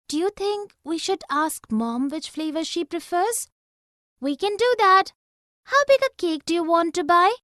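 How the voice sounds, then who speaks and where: A woman's voice: very high voice, no echo, clean studio sound, voice pushed up, heavily acted. A woman voicing an eager young girl who exclaims and chats in a lesson dialogue. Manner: exclaiming, excitable.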